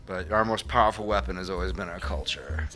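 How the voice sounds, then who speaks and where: A man's voice: low-pitched, brisk, sharp tone, faint music behind. A man co-hosting a casual comedy podcast, joking and laughing, now and then slipping into silly voices. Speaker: podcast co-host.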